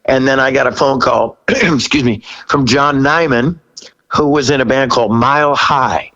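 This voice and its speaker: A man in his sixties, a rock singer as a guest, telling a story in a casual interview, laughing often and jumping high when he quotes himself. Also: normal speed, pushed and bright, highs cut off.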